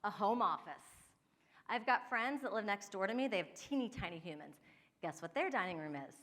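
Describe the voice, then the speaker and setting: A woman's voice: mid-range voice, animated, a little fast, fairly bright tone, long reverb tail. A woman in her forties from Ohio, giving a chatty workshop talk with personal stories, laughing often and speaking straight to her audience. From Ohio, USA. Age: 40s. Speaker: downsizing and home organizing expert.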